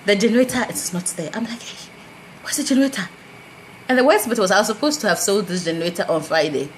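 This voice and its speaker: A Ghanaian woman vlogging casually, telling a personal story and acting out quoted exchanges with lively jumps in her voice. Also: racing, slight background noise, rough recording. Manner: animated, acts out quoted dialogue with big pitch jumps.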